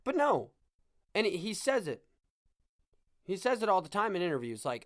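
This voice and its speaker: A man hosts a casual sports podcast, talking in an animated, rambling way and cracking jokes as he goes. His voice sits a little higher than most men's. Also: moderate pace, long pauses. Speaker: podcast host.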